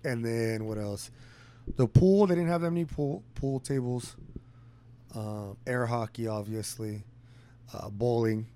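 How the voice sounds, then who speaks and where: A man's voice: mid-range voice, unhurried, dark tone, clean tone. Laid-back slangy young man. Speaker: friend in casual chat. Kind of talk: casual chat.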